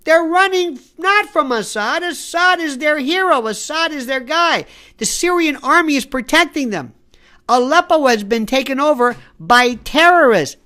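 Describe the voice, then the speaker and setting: A man's voice: very high-pitched, bright, forceful tone. A man delivering an impassioned, exasperated political commentary rant straight to the viewer, often stumbling and restarting his words. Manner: talks straight to the viewer while browsing online.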